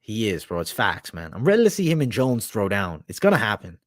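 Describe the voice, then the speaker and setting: A man's voice: on the low side, huge pitch swings, a little fast, no room sound, clean studio sound. A young man hosting a livestream, talking in a crude, rambling, profanity-heavy slang as he reads and answers chat. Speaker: livestream host.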